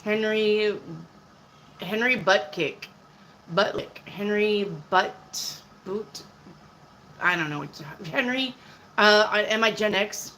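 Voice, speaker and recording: A woman's voice: mid-range voice, takes it slowly, long pauses, sharp tone, a little hiss or hum, low-quality recording. A woman in her fifties, a tarot reader on a live stream, answering viewers' questions in a blunt, chatty way. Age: 50s.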